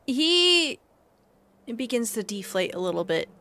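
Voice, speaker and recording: A woman narrating a tabletop game as game master, describing the action briskly and calling for rolls. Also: a little high, sing-song, sharp tone.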